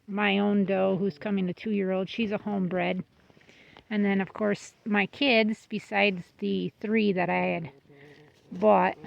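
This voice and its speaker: A woman's voice: medium pitch, vocal fry. A woman giving a casual vlog tour of her goat pen, chatting fondly and now and then talking to her goats. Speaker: goat breeder. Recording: slightly dull lo-fi sound.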